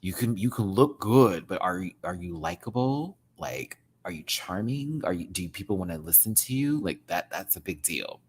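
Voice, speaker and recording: Animated man ranting about a TV show. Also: sits low, moderate pace, few pauses, breathy edge. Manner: animated, swings from hushed asides to loud exclaiming; laughs often. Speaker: drag show reviewer. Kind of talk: casual commentary rant to camera.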